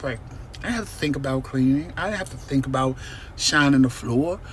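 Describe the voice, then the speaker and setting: A man's voice: medium pitch, brisk, slight background noise. A man telling a personal story to his viewers in a casual, emphatic vlog from a parked car. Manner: animated, emphatic, talks to viewers directly. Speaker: vlogger.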